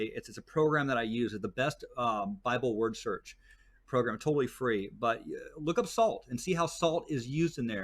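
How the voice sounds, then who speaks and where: This mid-range male voice has a fairly bright tone. He's a desert tour guide appearing as a guest in a casual chat, and his stories wander, packed with fillers and false starts.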